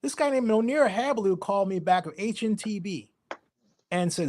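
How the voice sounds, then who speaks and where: A middle-aged man telling stories as an interview guest, animated and acting out the voices of people he quotes. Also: high voice, moderate pace, slight background noise. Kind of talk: storytelling interview.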